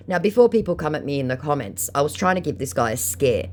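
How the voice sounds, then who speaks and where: A woman sarcastically recounting a chat with a scammer, mocking and animated as she acts out both sides. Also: low voice, quick pace. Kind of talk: sarcastic storytelling.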